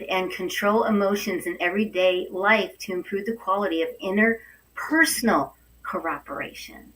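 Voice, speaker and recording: A woman's voice: medium pitch, pushed and bright, recorded from a distance, low-quality recording. A woman hosting a talk show, gushing and affectionate as she talks to viewers and introduces a guest. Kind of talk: upbeat talk show chat.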